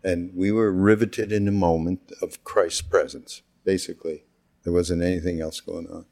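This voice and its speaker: An older man from Canada with a deep, low voice tells stories in a relaxed conversation. He acts out the quotes in his anecdotes and often breaks into laughter. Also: normal speed, gravelly. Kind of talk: casual storytelling conversation.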